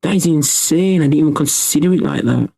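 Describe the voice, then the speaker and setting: A man's voice: fairly high pitch, brisk, gravelly, warm tone, husky, low-quality recording. A man hosting a livestream workshop, chatting casually and thinking aloud with frequent restarts.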